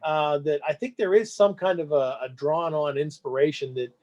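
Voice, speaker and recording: A man's voice: a little high, moderate pace, darkish tone, lo-fi sound. A man who hosts movies, chatting casually and rambling in an interview. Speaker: movie host.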